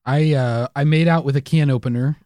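A man with a fairly high voice trades deadpan, absurd jokes on a comedy podcast, chuckling between lines. The sound is close and dry, with no room around it. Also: fairly quick, no echo. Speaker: podcast co-host. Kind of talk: improvised comedy banter.

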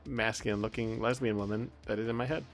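Gravelly-voiced male podcast co-host. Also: fairly low pitch, fairly even intonation, quick pace, soft background music. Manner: rambling, self-deprecating, many fillers. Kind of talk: casual chat.

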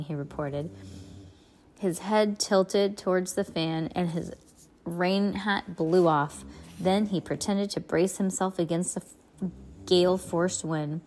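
A woman's voice: lowish voice, measured pace. Woman reading a kids' book aloud. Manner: expressive, chatty asides to a child listener. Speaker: reader of children's books. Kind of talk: reading a chapter book aloud with character voices.

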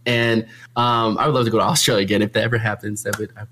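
A man's voice: on the low side, steady tone, rapid-fire, fairly bright tone, slight background noise. A young man who streams and runs meetups, talking in a casual chat, laughing often and filling his speech with "like". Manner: chatty, laughs often, many filler likes.

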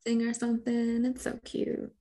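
A woman co-hosting a podcast, adding short relaxed remarks in casual chat. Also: a little high, moderate pace. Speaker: podcast co-host.

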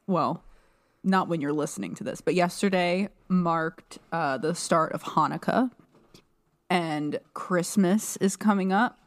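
A woman co-hosting a podcast in casual chat. She jokes playfully and often restarts her sentences. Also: lowish voice. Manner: playful, joking, halting restarts. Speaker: podcast co-host.

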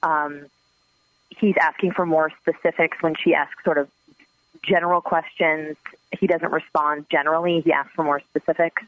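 Male call-in observer, casual and halting, slightly raised pitch, muffled call audio. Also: level tone, dry recording. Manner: hesitant, fillers like "like" and "um". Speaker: trial observer interviewed. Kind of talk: casual explanation.

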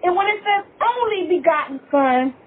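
A woman's voice: very high-pitched, lively intonation, normal speed. A woman preacher delivering an impassioned, emotional sermon. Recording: tinny phone-like line with faint hiss.

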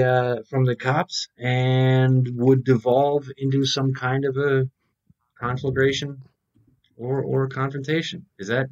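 A man's voice: mid-range voice, a little mellow. Podcast guy rambling about the news, uh's everywhere, kinda dull muffled sound. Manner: rambling, many fillers and restarts. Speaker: podcast co-host. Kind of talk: casual political chat.

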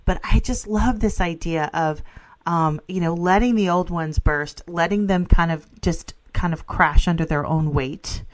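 A middle-aged woman co-hosts a casual spiritual podcast, enthusiastic and often laughing, filling gaps with "you know." Her voice is on the low side, and she speaks at a measured pace.

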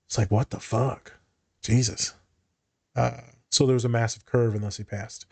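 A man's voice: mid-range voice, level tone, moderate pace, vocal fry, slightly rough. A man who works as a therapist, hosting a podcast in a blunt, profane, storytelling way. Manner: blunt and profane, tells client stories. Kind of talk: casual podcast chat.

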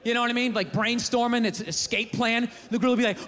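A male stand-up comedian telling a story in a profane, animated rant. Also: very high-pitched, fast, few pauses. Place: live comedy venue. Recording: echoey hall with audience.

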